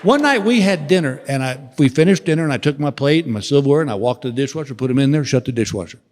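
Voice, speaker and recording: A man's voice: medium pitch, animated, fast, darkish tone, some chatter behind. A man in his sixties doing a stand-up comedy set on stage, a drawling storyteller building to exasperated punchlines. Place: large theater stage. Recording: reverberant hall with faint ambience.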